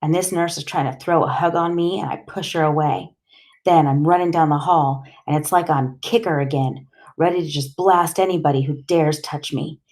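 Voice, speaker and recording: Brief: woman audiobook narrator, low voice, plain steady delivery. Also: moderate pace. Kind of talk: first-person audiobook narration.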